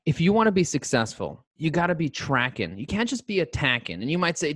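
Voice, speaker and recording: A man talking as a podcast guest in an animated, motivational way, full of catchy rhymes. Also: a little high, brisk, hardly any pauses, no echo. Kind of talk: energetic interview talk.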